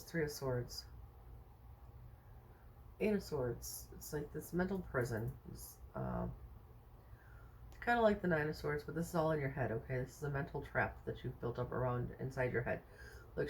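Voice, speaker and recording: A woman's voice: sits low, animated, brisk, darkish tone, a little hiss or hum. A woman doing a casual tarot reading for viewers, thinking aloud with many fillers and rhetorical questions in a chatty, reassuring way. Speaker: tarot card reader.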